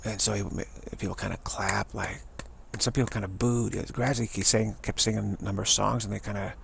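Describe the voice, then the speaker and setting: A man's voice: on the low side, little pitch movement, a little fast, creaky, fairly bright tone, slight background noise. A man, a spiritual teacher, telling a personal story and acting out what other people said.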